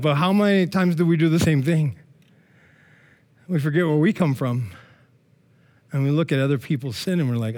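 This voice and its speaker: High-voiced man preaching with jokes. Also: fairly quick, pauses often. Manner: lively, joking, conversational preaching. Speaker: pastor. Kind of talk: sermon.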